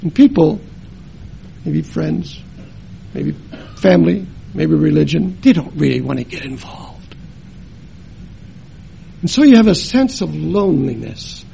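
Older male preacher, high and lively voice, dramatic sermon storytelling. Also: a little slow, creaky, long pauses, slight background noise. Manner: dramatic, swings between loud emphasis and hushed tones; acts out family members' voices in his story. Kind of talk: sermon with personal testimony.

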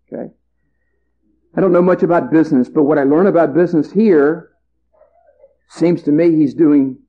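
A man delivers a sermon in a relaxed, folksy way, stretching out key words with dramatic pauses. His voice sits a bit high for a man. The recording sounds muffled and lo-fi. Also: slightly rough. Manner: conversational, folksy humor. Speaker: preacher.

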